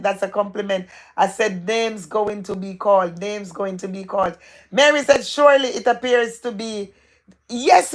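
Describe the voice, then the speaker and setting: Excitable woman host with a gravelly voice. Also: mid-range voice. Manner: excitable, repetitive, gossipy, laughs often. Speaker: livestream host. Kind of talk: live chat reading out viewer comments.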